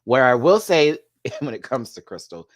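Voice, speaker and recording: A man giving a sassy, animated live video review of a drag competition show, laughing often as he talks. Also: mid-range voice, moderate pace, no echo, clean studio sound.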